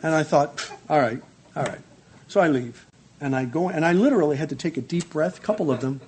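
A man telling a personal testimony in a lively storytelling manner, acting out quotes and laughing often. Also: on the high side, quick pace, a little hiss or hum. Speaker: speaker sharing a testimony.

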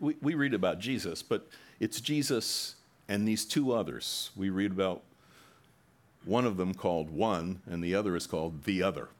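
Male preacher, very low voice, dramatic scripture retelling with loud bursts. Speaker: pastor. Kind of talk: sermon.

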